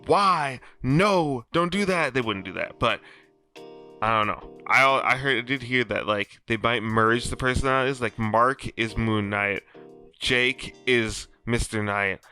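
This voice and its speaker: A man hosting a podcast, giving an animated, slangy recap of a TV episode in casual chat. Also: medium pitch, a little slow, faint music behind. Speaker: podcast host.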